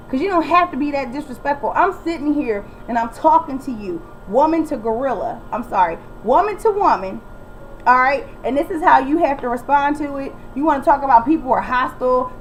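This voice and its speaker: A woman's voice: sits high, slight background noise, rough recording. Sassy, blunt woman recapping a reality show. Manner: sassy, blunt, quick to mimic people and break into song. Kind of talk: casual recap commentary.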